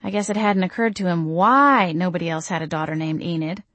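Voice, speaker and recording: A woman's voice: on the low side, a little fast, fairly bright tone, no echo. A woman voicing a tipsy young woman, babbling nervously. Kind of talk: audiobook dialogue.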